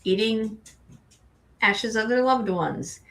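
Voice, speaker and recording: A woman's voice: a little high, animated, takes it slowly, gravelly, fairly bright tone. A middle-aged woman co-hosting a tarot show, chatting casually and rambling with frequent restarts. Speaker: tarot co-host. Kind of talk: casual chat.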